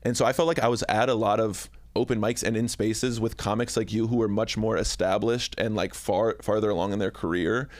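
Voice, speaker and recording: A man's voice: lowish voice, fairly even intonation, a little fast, hardly any pauses, dry recording. A young man hosting a podcast in casual chat, chatty and self-deprecating. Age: young adult. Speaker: podcast host.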